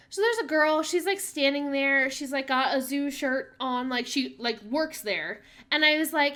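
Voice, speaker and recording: Bright, high-voiced chatty woman streamer. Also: normal speed. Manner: chatty, animated storytelling with many fillers. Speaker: mother. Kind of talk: casual gameplay stream chat.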